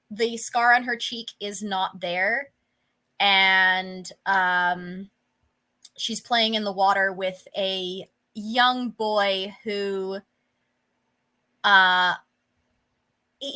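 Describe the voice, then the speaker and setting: A woman's voice: mid-range voice, pushed and bright. A young woman as game master, describing a scene in a tabletop game in a rambling way, full of fillers and restarts.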